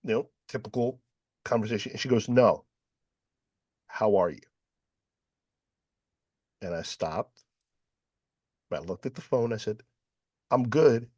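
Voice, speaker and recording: A man's voice: medium pitch, lively intonation, moderate pace, long pauses, darkish tone, slightly rough, no echo, clean studio sound. A man from New York hosting a panel, telling a personal story and acting out the dialogue. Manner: storytelling, acts out quoted dialogue, frequent "right?". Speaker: panel host. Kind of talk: panel discussion.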